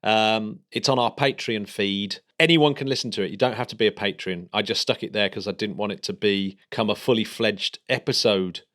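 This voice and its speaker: A man's voice: on the low side, moderate pace, few pauses, a bit bright. A man co-hosting a casual space podcast, rambling enthusiastically through the week's news. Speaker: podcast co-host.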